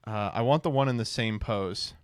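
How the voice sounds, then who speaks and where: A man streaming casual commentary, reacting to clips with sarcastic, deadpan mock praise. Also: on the low side, moderate pace, smooth, no echo, clean studio sound.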